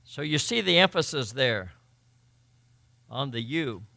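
A man preaching a sermon as pastor, building to emphatic, forceful peaks. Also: mid-range voice, very animated, slow, gravelly.

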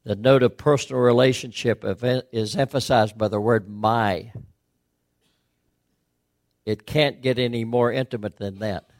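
Earnest middle-aged preacher, dry sound. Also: male voice, medium pitch, fairly even intonation, unhurried, long pauses, no echo. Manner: earnest questioning preaching, rising to emphatic peaks. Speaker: pastor. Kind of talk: sermon.

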